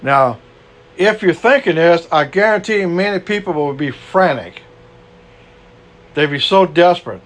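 A man's voice: on the high side, lively intonation, unhurried, long pauses. A man with a Cajun accent preaching a conversational sermon, full of asides and rhetorical questions. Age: older. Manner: conversational, frequent "you know", rhetorical questions.

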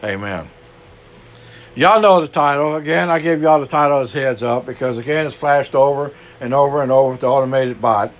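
A man's voice: medium pitch, fairly quick, few pauses, lo-fi sound. A man with a Cajun accent preaching a conversational sermon, full of asides and rhetorical questions. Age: older. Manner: conversational, frequent "you know", rhetorical questions.

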